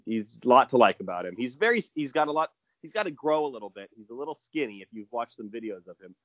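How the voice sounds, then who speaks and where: A man's voice: mid-range voice, very animated, quick pace, no room sound, lo-fi sound. A man talking casually and with enthusiasm as a guest analyst on a podcast, rambling with restarts.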